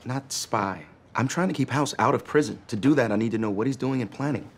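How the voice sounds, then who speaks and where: Man as new hospital dean, earnest, firm, mid-pitched, TV drama. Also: brisk, natural voice. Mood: pleading. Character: new male dean, earnest, trying to be the boss.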